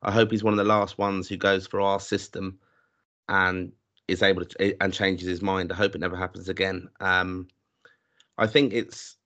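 An Irish man co-hosting a podcast, speaking reflectively and with measured thought, often restarting his sentences. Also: low-pitched, flat delivery, a bit bright, dull audio. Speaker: podcast co-host. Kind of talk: casual podcast chat.

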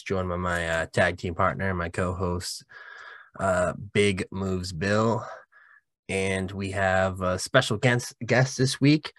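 A man's voice: low-pitched, fairly bright tone, no room sound, clean studio sound. A man hosting a casual podcast chat, friendly and a little hesitant. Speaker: podcast co-host.

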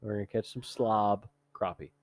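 A man co-hosting a podcast in a studio, excitable and quick to laugh in casual chat. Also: fairly low pitch, no echo. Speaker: podcast co-host.

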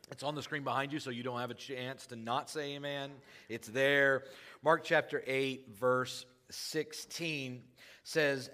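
A male pastor preaching a sermon in a church, talking to the congregation in casual asides and rising loud when he quotes scripture. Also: medium pitch.

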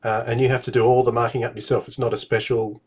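Husky male interviewer. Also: mid-range voice, level tone, fast talker. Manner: clarifying follow-up questions.

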